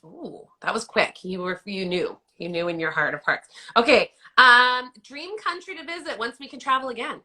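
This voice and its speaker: A woman with a Canadian accent hosting a casual live chat, upbeat and firing off quick questions. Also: fairly high pitch, bright, forceful tone. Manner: upbeat, quick-fire questions, friendly laughter. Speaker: host asking quick questions. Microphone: phone live stream.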